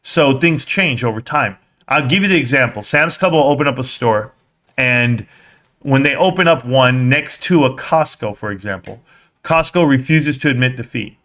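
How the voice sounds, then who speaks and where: A man in his thirties hosting a casual livestream, rambling and excitable, his voice rising loud and dropping soft. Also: medium pitch, moderate pace. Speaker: livestream host. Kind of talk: casual stock-market livestream chat.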